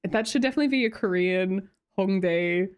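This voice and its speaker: A young Australian woman from Sydney streams casual chat in a brisk, clean, mid-range voice. She's chatty and laughs often, sometimes trailing off mid-sentence.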